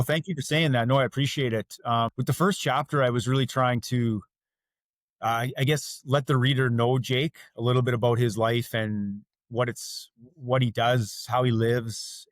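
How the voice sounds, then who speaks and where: A man's voice: medium pitch, dry recording, clean studio sound. Earnest Canadian man, author guest. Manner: earnest, measured, a little hesitant with fillers. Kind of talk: interview answers.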